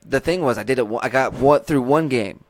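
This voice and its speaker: A man's voice: medium pitch, fairly quick, no room sound. A man chatting casually on a podcast, rambling with lots of restarts and swearing.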